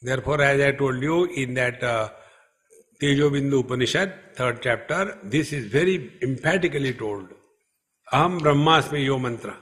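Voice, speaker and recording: A man giving a spiritual discourse at a retreat, speaking slowly and emphatically and chanting Sanskrit verses. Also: medium pitch, a bit bright. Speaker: spiritual teacher. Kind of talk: scriptural discourse. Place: retreat hall.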